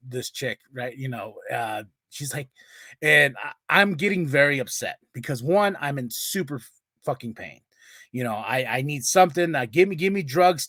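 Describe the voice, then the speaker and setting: A man's voice: a little high, fairly bright tone, no room sound. A man hosting his podcast, telling a story in a rambling, profane way with many restarts. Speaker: podcast host. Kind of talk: casual storytelling.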